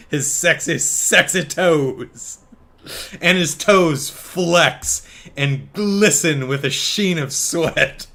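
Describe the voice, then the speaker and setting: A man's voice: medium pitch, sharp tone. A man hosting a casual solo podcast from home, telling stories in a wry, chuckling way with lots of restarts. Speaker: podcast host. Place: home, apartment.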